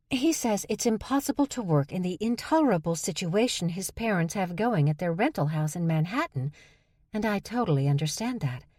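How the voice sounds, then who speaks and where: A woman narrator voicing a blunt, oblivious young shifter woman with high, flat delivery. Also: no room sound, studio quality.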